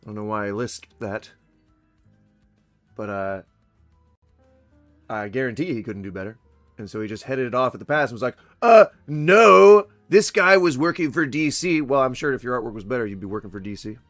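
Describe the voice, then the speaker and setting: A man's voice: on the low side, brisk, long pauses, fairly bright tone, dry recording, soft background music. A man giving casual reaction commentary in a sarcastic, rambling, mocking manner.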